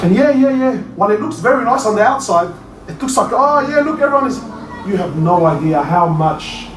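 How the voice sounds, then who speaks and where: A male preacher giving an animated sermon to a crowd, often rising to near-shouts and calling listeners brother. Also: sits high, fairly quick, a little hiss or hum. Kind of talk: passionate sermon. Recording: echoey hall, mic at a distance.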